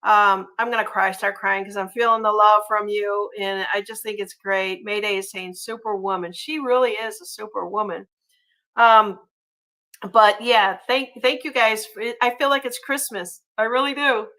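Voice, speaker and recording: A woman hosting a casual livestream, chatty and gushing, often pausing on ums and uhs as she reads viewer comments. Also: mid-range voice, steady tone, bright, forceful tone, low-quality recording. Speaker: livestream host.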